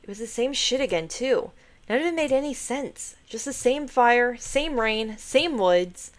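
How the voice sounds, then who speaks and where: A woman plays a haunted young woman who can't shake a nightmare, frustrated and brooding. The voice is lifted a little and kept quiet. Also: fairly high pitch, animated, unhurried, pitched above the performer's own voice.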